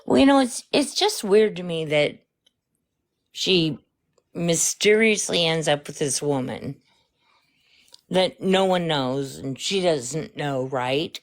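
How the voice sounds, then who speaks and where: A woman speculating in a slow, suspicious way during a casual live stream chat. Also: sits low, lively intonation.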